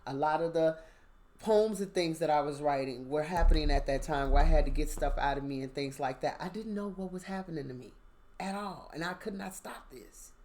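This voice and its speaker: Lower-pitched woman telling a spiritual story. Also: fairly quick. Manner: animated, conversational, asks listener "you understand?". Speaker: spiritual vlogger. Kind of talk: casual storytelling monologue.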